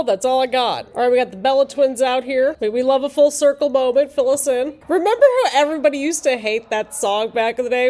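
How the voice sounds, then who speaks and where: A chatty woman reacting live to a wrestling broadcast, her voice sitting a little on the high side. She jumps between thoughts, stumbles over restarts and fills gaps with fillers as she talks. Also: darkish tone.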